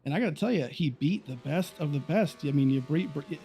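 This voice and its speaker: A man in the booth giving color commentary on sim racing, his voice warm and mellow. He rambles and restarts his sentences as he thinks out loud. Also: a little high, expressive, fairly quick, creaky, husky. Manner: rambling, with many restarts and fillers.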